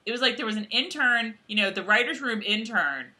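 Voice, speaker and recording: A woman co-hosting a casual show recap, animated and laughing often. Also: a little high, fairly quick. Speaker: podcast co-host.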